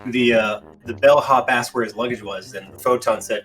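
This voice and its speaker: A man telling a pun at the game table, halting with fillers. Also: medium pitch, steady tone, fairly bright tone. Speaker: player. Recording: distant from the mic with faint music.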